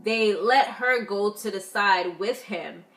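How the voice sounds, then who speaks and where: A woman's voice: mid-range voice, slow, a bit bright. A woman recapping a reality show in a casual vlog, chatty and blunt, with lots of fillers. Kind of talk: casual review chat.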